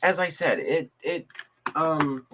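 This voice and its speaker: A man's voice: on the high side, lively intonation, slow, background noise. A man co-hosting a casual discussion podcast, talking in a rambling way with many restarts and fillers. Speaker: podcast co-host. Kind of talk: casual chat.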